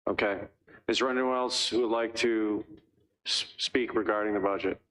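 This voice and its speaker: Male board chair, lowish voice, formal and repetitive procedural delivery. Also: steady tone, normal speed, fairly bright tone, poor audio. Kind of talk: chairing a public hearing.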